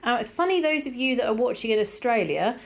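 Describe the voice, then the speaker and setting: A woman's voice: fairly high pitch, animated, fast, vocal fry. A middle-aged woman with a Norfolk accent, chatting casually as she reads out viewer comments for her decluttering vlog, rambling with plenty of fillers. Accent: Norfolk English. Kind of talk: casual chat, reading comments aloud.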